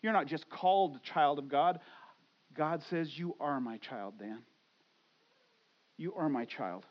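High-voiced animated male preacher. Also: unhurried, dull audio. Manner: animated, swings from loud to hushed, acts out inner voices. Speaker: pastor. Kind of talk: sermon.

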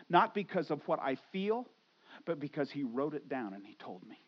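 A middle-aged man preaching a sermon, swinging from loud exclamations to hushed, earnest asides and acting out inner voices. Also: a little high, very animated, moderate pace, lo-fi sound. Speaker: pastor.

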